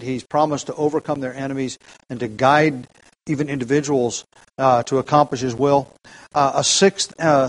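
Halting man teaching a Bible class. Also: medium pitch, rough recording. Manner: halting, with many fillers and restarts, asks the class for verses. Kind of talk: casual Bible class lecture.

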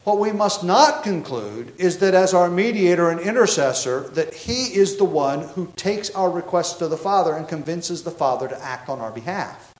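Man, pastor, verse-by-verse sermon, emphatic, higher-pitched, roomy echo. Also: expressive, moderate pace. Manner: expository, emphatic with frequent restarts. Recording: echoey room.

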